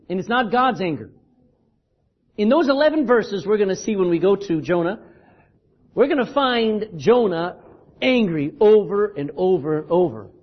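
A man preaching a sermon as pastor, talking conversationally and telling a joke as he goes, in a church. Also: sits high. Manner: conversational, storytelling, repeats words. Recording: dull lo-fi recording.

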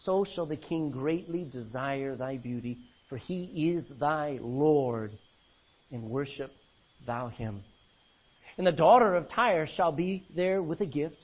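Husky preacher swinging loud and soft. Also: male voice. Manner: swings between loud emphasis and low quiet lines; reads old-fashioned scripture aloud. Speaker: pastor. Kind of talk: sermon. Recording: dull lo-fi recording.

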